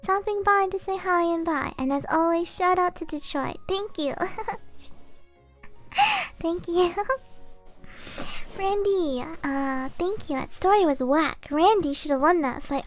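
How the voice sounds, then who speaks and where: A woman streamer chatting softly on a live stream, giggling often as she reads viewer messages aloud. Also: very high voice, measured pace, faint music behind. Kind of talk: soft-spoken live stream chat.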